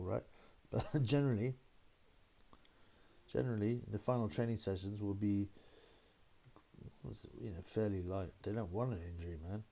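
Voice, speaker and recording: Brief: male host, slightly low voice, loose rambling chat with laughs. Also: gravelly, dark tone. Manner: rambling, laughing, mocking impressions of critics. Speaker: boxing channel host. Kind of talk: casual solo commentary.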